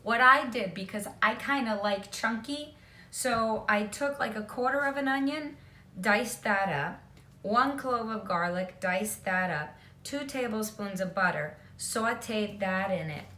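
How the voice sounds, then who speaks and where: A woman's voice: medium pitch, measured pace, bright, forceful tone, echoey room. A woman giving a casual cooking demonstration in her home kitchen, chatty and often checking in with "okay?". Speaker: home cook.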